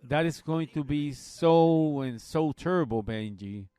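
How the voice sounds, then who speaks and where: A man preaching a Bible study, slowly retelling a story and quoting others in a plain, folksy way. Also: a little high, animated, dark tone, smooth, dry recording.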